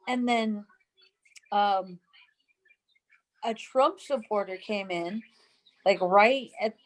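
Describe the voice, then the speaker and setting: A woman's voice: mid-range voice, low-quality recording. A woman chatting casually on a panel show, telling a story and acting out the quotes. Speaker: co-host.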